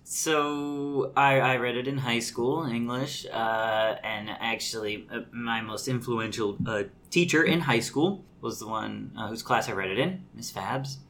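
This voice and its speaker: A man's voice: mid-range voice, normal speed, few pauses, fairly bright tone, a little hiss or hum. A man chats loosely as the guest on a podcast, laughing often and trailing off into fillers. His talk runs in loose, winding stretches. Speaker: actor guest. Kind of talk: casual podcast interview.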